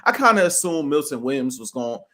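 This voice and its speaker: Animated slangy man talking sports. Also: a little high, fast talker. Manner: animated, slangy, keeps saying bro; opinionated and emphatic. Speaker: sports podcast co-host. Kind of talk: casual sports talk.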